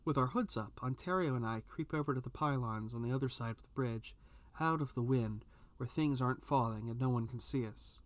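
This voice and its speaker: A man reading a first-person story aloud, with an expressive delivery that rises at tense moments. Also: medium pitch, brisk, no room sound. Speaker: narrator.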